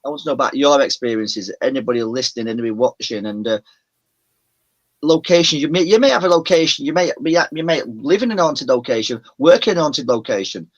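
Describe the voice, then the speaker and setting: A mild Yorkshire accent marks this man from Yorkshire, England, a paranormal show presenter chatting as a guest on a casual video call. His mid-range voice is expressive and fairly quick, and he rambles, often restarting sentences and correcting himself. The audio has its highs cut off.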